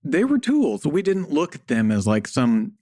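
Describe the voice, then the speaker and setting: A man's voice: on the high side, wildly swooping pitch, normal speed, darkish tone, no room sound, clean studio sound. A man as a podcast guest, talking bluntly and jokily and swearing casually. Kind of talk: casual interview chat.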